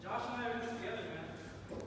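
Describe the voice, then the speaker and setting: High-voiced man, far off in booming echo. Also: brisk, noisy background. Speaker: friend in the game. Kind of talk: casual chat.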